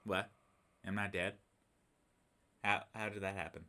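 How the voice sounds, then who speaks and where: A man's voice: steady tone, unhurried, sharp tone, slight background noise. A young man hosting a let's play, chatting in a bubbly, playful way while he plays. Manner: bubbly and playful, swinging in pitch. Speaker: gaming channel host.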